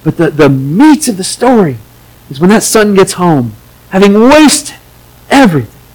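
High-voiced man preaching a sermon. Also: very animated, a little slow, darkish tone, low-quality recording. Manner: earnest preaching, acts out quoted voices with rising pitch. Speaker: pastor.

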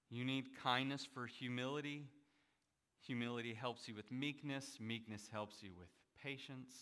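A man's voice: mid-range voice, bright, forceful tone. A male pastor giving a conversational sermon, acting out the voices in the stories he retells. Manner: conversational preaching, acts out quoted voices.

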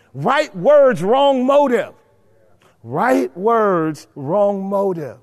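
Male Bible teacher with a high voice, forceful and repetitive, recorded with long hall reverb. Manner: emphatic, repeats points, checks in with listeners. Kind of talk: preaching Bible study.

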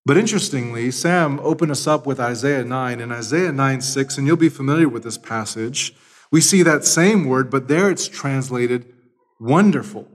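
A man's voice: medium pitch, moderate pace. A man preaching a sermon, explaining scripture and telling stories with acted-out voices. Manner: storytelling, acts out voices in anecdotes. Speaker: pastor.

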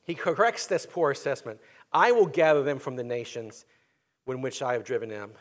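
A man's voice: medium pitch, normal speed. A man preaching a sermon, walking his listeners through the text and asking them rhetorical questions. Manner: teaching, asks the audience rhetorical questions. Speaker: pastor.

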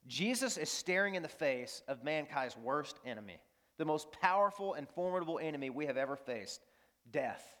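Emphatic man preaching a sermon. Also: a little high. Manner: emphatic, repeats key phrases, animated storytelling. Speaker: pastor.

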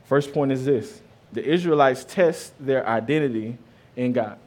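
A man's voice: medium pitch, unhurried. A man in his thirties, a pastor giving a sermon in a conversational way, mixing scripture with stories about his kids. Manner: conversational preaching with personal stories, rising and dropping loudness.

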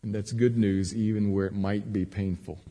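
A man preaching a sermon as a pastor, moving between quiet earnest teaching and raised, emphatic cries. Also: lowish voice, level tone, moderate pace. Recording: long hall reverb.

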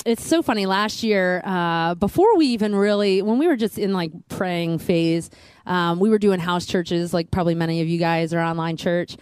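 A woman's voice: darkish tone, clear, resonant tone, no echo. A woman in her thirties telling her personal faith testimony, earnest and rambling, full of "like". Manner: earnest, says "like" often, voice rises high with emotion. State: near tears. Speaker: guest, future church planter.

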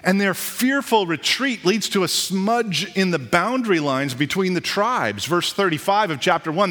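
A man, a pastor, preaching a sermon in a lively, conversational way with casual asides and jokes. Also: high voice, unhurried. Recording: long reverb of a hall.

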